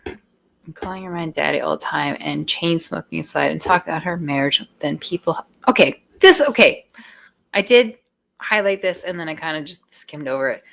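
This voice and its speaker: Woman, stream host, rambling, swears, lowish voice. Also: normal speed, vocal fry, a bit bright, slight background noise. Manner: rambling, laughs often, swears. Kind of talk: casual chat.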